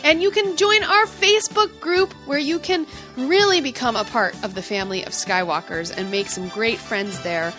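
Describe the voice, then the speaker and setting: A woman co-hosting a podcast in casual chat, bubbly and excitable as she reads out announcements. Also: high-pitched, normal speed, few pauses, music in the background. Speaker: podcast co-host.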